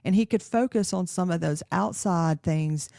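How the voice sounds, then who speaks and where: A woman's voice: on the low side, moderate pace, creaky, mellow, dry recording, studio quality. A woman, a guest earnestly explaining legal offices.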